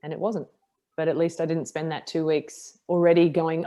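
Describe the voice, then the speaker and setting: At a moderate pace, a middle-aged woman with a very low voice candidly tells a podcast interviewer about a rough time she went through. She is a martial artist, and her animated, frank, self-deprecating account includes acted-out quotes from herself and the people around her.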